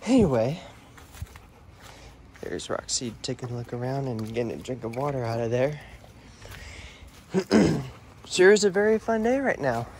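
A young man chats casually for his vlog, friendly and rambling, with plenty of fillers. His pitch sits mid-range, and he is picked up by a body-worn action camera with faint background noise. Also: darkish tone. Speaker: vlogger. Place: outdoors at his grandparents' house.

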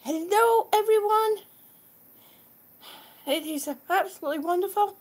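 A woman's voice: extremely high pitch, animated, slow pace, pauses often. A woman hosting a casual live stream, a little out of breath, greeting her viewers effusively as sweetie and honey.

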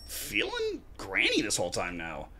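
A man's voice: fairly low pitch, normal speed, heavy background noise. A man streaming a game with a friend, joking around and yelping at jump scares. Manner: animated, joking, bursts into laughs and startled yelps. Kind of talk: casual co-op game chat. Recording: game music audible behind voice.

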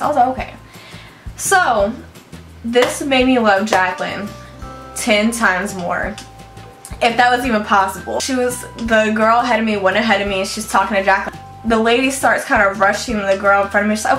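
Woman in her twenties, vlogger, high voice, echoey room, faint music behind, gushing storyteller. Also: normal speed. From Houston, Texas. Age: 20s. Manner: gushing, animated, acts out voices in quotes. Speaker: beauty vlogger. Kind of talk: excited storytelling to camera.

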